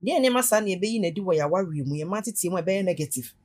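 Low-voiced woman host echoing her guests. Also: animated, rapid-fire, a little mellow, clean studio sound. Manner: frequent affirming interjections, repeats the guest's words. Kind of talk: casual chat.

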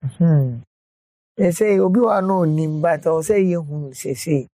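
A man's voice: fairly high pitch, normal speed, dark tone, no echo. A man explaining health matters in casual chat, with many hesitant restarts.

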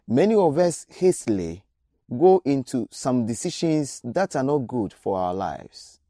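A man's voice: medium pitch, sing-song, measured pace, warm tone, no echo, clean studio sound. A man preaching a radio sermon, exhorting his listeners with repeated direct appeals.

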